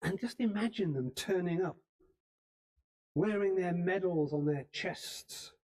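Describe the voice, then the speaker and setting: A man delivers a history talk in a church hall, telling it like a story and now and then restarting a phrase. His voice sits a little high but stays warm and mellow. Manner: storytelling, unhurried, with small restarts. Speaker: speaker giving a history talk. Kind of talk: lecture.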